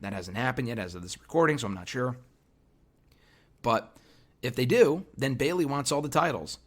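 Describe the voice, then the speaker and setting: A man hosting a solo wrestling podcast, hoarse from losing his voice, giving opinionated commentary and thinking aloud with fillers. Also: mid-range voice. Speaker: podcast host.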